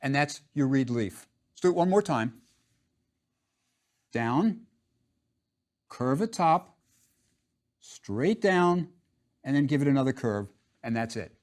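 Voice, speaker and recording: A man's voice: medium pitch, expressive, slow, pauses often, darkish tone. A man teaching a drawing lesson, patient and step by step, repeating each instruction.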